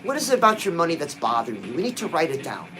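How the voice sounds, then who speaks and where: A man's voice: fairly high pitch, very animated, racing, sharp tone, faint music behind, low-quality recording. A man giving a punchy, exhorting motivational pep talk to his viewers, dropping frequent "oh"s as he talks. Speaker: motivational livestream host.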